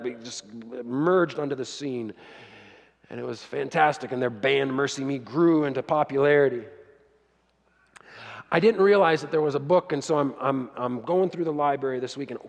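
Earnest male storyteller, casual and halting, slightly high voice with reverb. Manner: earnest, halting with restarts, quieter at grave moments. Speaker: speaker sharing a book story.

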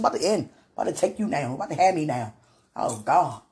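Woman, husky casual monologue, prayerful then giggly, halting delivery. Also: low-pitched. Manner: prayerful, swings from hushed musing to giggling excitement; laughs often, talks in fits and starts. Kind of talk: casual spoken monologue to a loved one and to God.

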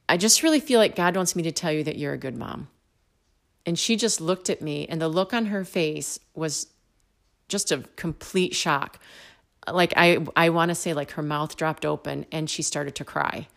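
A woman telling a personal faith story with animated storytelling, acting out both sides of the dialogue. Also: fairly low pitch.

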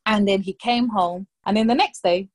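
Woman in her 30s telling a story, mid pitch, chatty, lively, acts out the quotes. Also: moderate pace. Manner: lively anecdotal storytelling, quoting others in brief put-on voices. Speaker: mother telling a story on a chat show. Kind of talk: casual chat.

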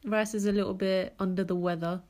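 A young woman co-hosting a relaxed podcast, her voice at an ordinary middle pitch. She teases and sympathizes in easy, offhand chat. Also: brisk. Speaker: podcast co-host. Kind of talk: casual chat.

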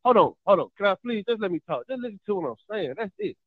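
Man, caller on a tinny phone line, high lively voice, insistent arguing. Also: fast talker, dry recording. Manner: argues insistently, pushes to finish his point. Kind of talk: heated sports debate on a call-in line.

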